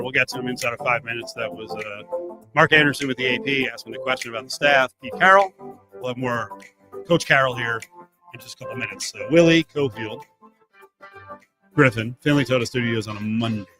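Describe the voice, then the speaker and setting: A middle-aged man hosting a sports radio show in a studio, joking and animated. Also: medium pitch, a little fast, music in the background. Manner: animated, joking, swings from mutter to near-shout. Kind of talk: casual sports talk. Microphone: studio mic.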